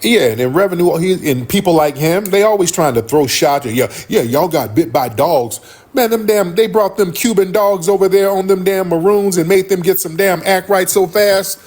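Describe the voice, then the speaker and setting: Livestream host, man, slightly high voice, rough joking delivery that breaks into laughs. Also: moderate pace. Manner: loud laughing, profane banter. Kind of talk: casual live-stream banter.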